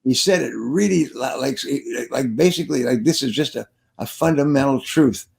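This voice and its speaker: A man's voice: mid-range voice, normal speed, gravelly, darkish tone. An older man, a sales trainer being interviewed, telling stories and giving advice in an earnest way, repeating key phrases for emphasis. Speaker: sales trainer and guest speaker.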